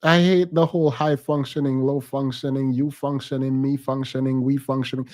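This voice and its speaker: A man's voice: mid-range voice, flat delivery, normal speed, hardly any pauses, darkish tone. Blunt, exasperated man reacting. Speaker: podcast co-host reacting to a clip. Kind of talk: casual reaction commentary.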